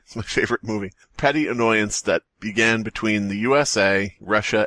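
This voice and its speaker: A man's voice: lowish voice, sharp tone, no echo. A man co-hosting a podcast, reading a story aloud and breaking off to riff and laugh. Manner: laughs often, stumbles and riffs while reading. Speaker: podcast co-host, story reader. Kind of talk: casual chat and reading aloud.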